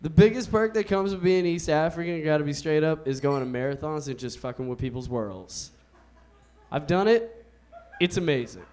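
A young man doing a stand-up comedy set on a club stage into a handheld mic, with a loose, laid-back delivery and drawn-out punchlines. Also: fairly high pitch, lively intonation, darkish tone. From United States.

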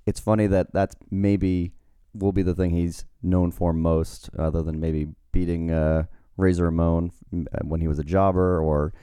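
A man with a very deep, warm, smooth voice recounts stories in a relaxed, dry-humored podcast chat. He sits close to the mic, and the sound is dry. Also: unhurried, few pauses, no room sound. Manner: relaxed, wry storytelling with fillers. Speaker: podcast co-host and writer.

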